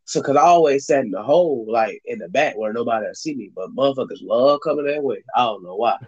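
A man's voice: mid-range voice, lively intonation, quick pace, breathy edge, dull audio. A young man telling a rambling, profane story in casual chat on a call, heavy with fillers.

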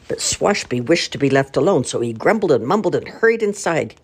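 An older grandmother reading picture books aloud in an expressive, playful way. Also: deep voice, brisk, hardly any pauses, slight background noise. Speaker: storyteller grandmother.

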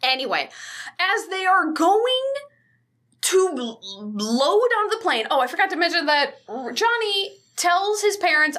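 A woman co-hosting a podcast, recapping a movie in casual chat, animated and cursing freely with jokey asides. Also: very high voice, moderate pace. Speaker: podcast co-host.

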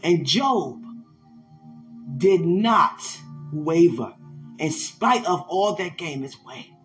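A man's voice: a little high, lively intonation, slow, soft background music. A man preaching in a sermon-style podcast, fervent and emphatic, laughing now and then.

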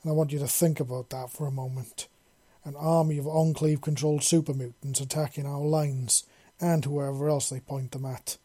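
A foul-mouthed male paladin commander, put on by a man narrating a story, giving orders with force. The voice is husky and mellow, sitting a little high, with a dry, close sound. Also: flat delivery, moderate pace, lightly acted. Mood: grim. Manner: swearing, forceful briefing.

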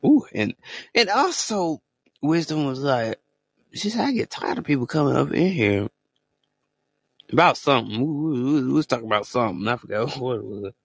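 A man co-hosting a podcast in casual chat, telling stories in slang with sudden high exclamations. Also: expressive, normal speed, creaky, slightly rough, dry recording. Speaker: podcast co-host.

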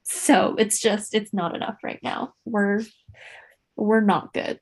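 A woman's voice: fairly even intonation, slow. A woman co-hosting a podcast in casual chat, talkative and acting out what people said. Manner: chatty, acts out quotes with jumps in pitch. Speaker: podcast co-host. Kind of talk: casual chat about motor racing gossip.

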